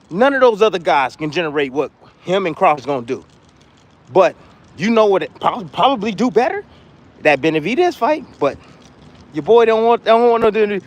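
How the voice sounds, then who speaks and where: A man with a notably high voice talks in a loose, casual monologue. He is blunt and repeats his points, trash-talking freely in the manner of a former boxer giving his opinions.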